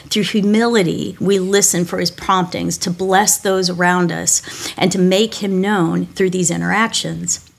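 A middle-aged woman pastor gives a devotional talk in a gravelly, medium-pitched voice. She shares personal stories candidly and pokes fun at herself, with small restarts along the way.

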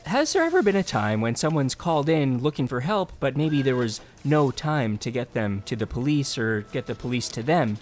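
A man with a lively, rising and falling voice interviews and narrates in a mock-serious manner. He asks earnest, leading questions that carry dry humor underneath. His pitch sits in the middle range. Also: normal speed, few pauses, slight background noise.

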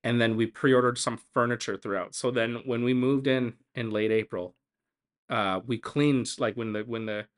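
A man's voice: medium pitch, steady tone, normal speed, clean tone. A young man hosting his podcast, telling stories casually with a teasing, joking manner. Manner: joking, teasing, loose storytelling. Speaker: podcast host.

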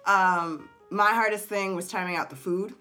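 A woman speaking as a guest in a casual podcast chat, blunt and quick to laugh. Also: medium pitch, steady tone, pushed and bright, faint music behind. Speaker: actress, guest.

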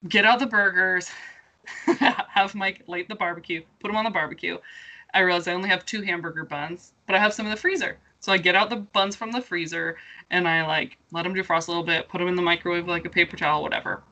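A woman in her thirties with a bright, sharp-edged voice tells a long story in easy podcast chat. She rambles with lots of fillers and laughs her way through the mishaps. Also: on the low side, fairly even intonation, fast talker. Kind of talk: casual chat.

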